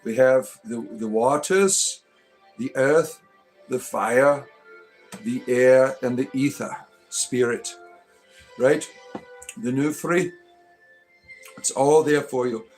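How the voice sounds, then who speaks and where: A man of middle pitch hosts a casual livestream as a self-styled bard. He rambles, greets viewers one by one and keeps tagging on "right?". Soft music plays faintly behind him. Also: takes it slowly, long pauses. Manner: irreverent, swears casually.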